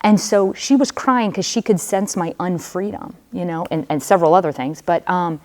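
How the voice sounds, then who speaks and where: A woman's voice: lowish voice, normal speed, darkish tone. A woman, a religious sister, giving a personal testimony to students in a conversational storytelling manner, speaking straight to them with casual fillers.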